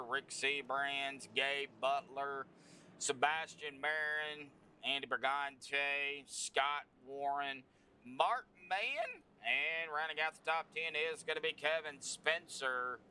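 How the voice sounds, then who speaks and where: A man's voice: mid-range voice, bright, forceful tone, slight background noise. A man giving casual, folksy sim racing commentary. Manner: casual, folksy, breaks into laughter. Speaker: race commentator.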